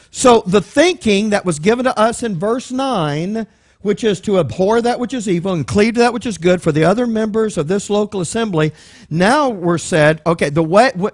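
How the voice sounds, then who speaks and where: A man with a Texan accent teaching a Bible study, breaking words down and asking the room questions in a conversational way. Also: sits high. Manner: conversational, explains word by word, asks the room questions.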